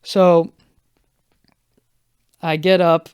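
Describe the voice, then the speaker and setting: A young man hosting a solo podcast, telling a story in a casual, rambling, profane way, a little hoarse and stopping often to correct himself. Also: fairly high pitch, little pitch movement, extremely slow, darkish tone, no echo, studio quality. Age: young adult. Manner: rambling, profane, self-interrupting. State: slightly hoarse. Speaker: podcast host.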